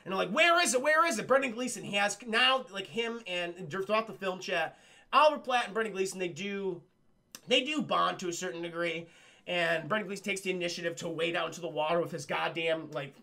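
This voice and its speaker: A man's voice: high-pitched, a little fast, creaky, bright, forceful tone. A man recapping a film on a livestream in a casual, profane way, talking to his chat. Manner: swears freely and keeps addressing chat. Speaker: streamer and film reviewer.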